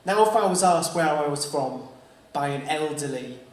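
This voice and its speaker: A man's voice: a little high, expressive, moderate pace, distant mic. A man from England telling a wry story as a stand-up comedian. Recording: echoey stage heard from afar.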